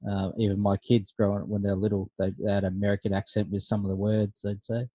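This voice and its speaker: A man's voice: fairly low pitch, monotone, fast talker, dark tone, dry recording. A middle-aged man co-hosting a podcast, easygoing and asking questions. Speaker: podcast co-host. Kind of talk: casual podcast chat.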